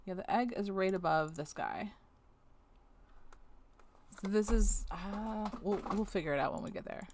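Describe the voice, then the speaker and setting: A woman streamer speaks unhurriedly in a medium-pitched, darkish voice, leaving long pauses, with slight background noise on her webcam setup. She thinks out loud in casual chat as she does a task, telling off on-screen objects before apologizing.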